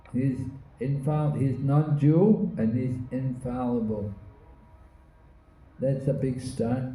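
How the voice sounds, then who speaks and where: A man teaching a scripture class, speaking slowly and deliberately, often pausing to search for words. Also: medium pitch, warm tone. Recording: echoey room, phone-like lo-fi sound.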